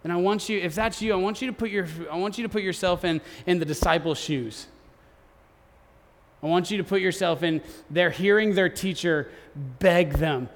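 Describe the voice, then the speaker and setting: A man's voice: high-pitched, brisk, long reverb tail. A man preaching a sermon as pastor, earnest and often repeating words as he builds his points.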